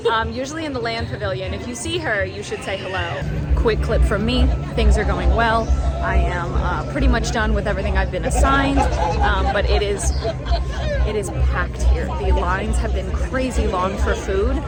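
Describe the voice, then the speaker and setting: A young woman filming a casual travel vlog on a handheld camera, bubbly and excitable, with chatty asides. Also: medium pitch, normal speed, over loud music, a loud crowd. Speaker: vlogger. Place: theme parks, outdoors and at home.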